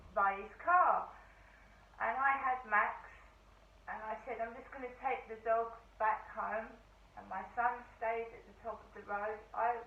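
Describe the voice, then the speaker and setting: A hoarse middle-aged woman chats away to camera in a rambling, diary-like way. Her voice sits a touch high. She sounds set back from the mic in an echoey room, with a dull tone and faint hiss. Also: distant mic. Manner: rambling, chatty storytelling. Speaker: vlogger. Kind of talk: casual diary-style chat. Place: at home in her flat.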